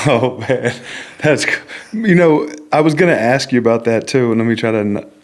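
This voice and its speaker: A man's voice: medium pitch, moderate pace. A man hosting a podcast interview, reacting with emotion and close to tears. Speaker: podcast host. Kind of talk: interview conversation.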